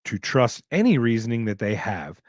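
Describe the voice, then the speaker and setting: A man's voice: on the low side, big pitch swings, normal speed, darkish tone, no echo. A man hosting a casual podcast livestream, reading chat questions aloud and rambling with jokes and restarts. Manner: rambling, joking, with restarts and movie impressions. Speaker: podcast host.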